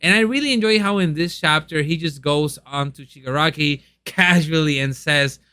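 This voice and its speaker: A man's voice: fairly high pitch, moderate pace, sharp tone, clear, resonant tone, no room sound. A young man chatting casually and eagerly in a review, with lots of ums and restarts. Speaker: manga reviewer.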